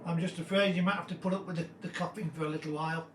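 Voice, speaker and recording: A man with a hoarse, croaky voice chats casually over his gameplay, rambling along and tossing jokey taunts at the enemies. His voice sits high for a man. The sound is echoey, as if he sits away from the mic. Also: steady tone, rapid-fire, recorded from a distance, slight background noise. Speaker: gameplay commentator. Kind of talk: casual game commentary.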